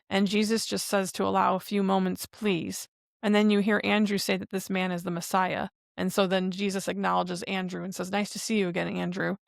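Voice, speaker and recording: Her medium-pitched voice is creaky, recorded in studio quality without any echo. As a podcast co-host, she chats her way through a TV episode scene by scene, rambling and tying it all together with repeated "and then."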